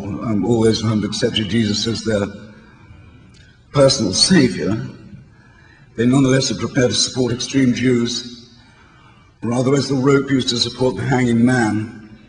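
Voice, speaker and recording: Speaking with a British English accent, a man from England in his sixties gives a public speech to a convention in a big hall, witty, articulate and combative. His medium-pitched voice is hoarse and giving out, and the room echoes over faint background noise.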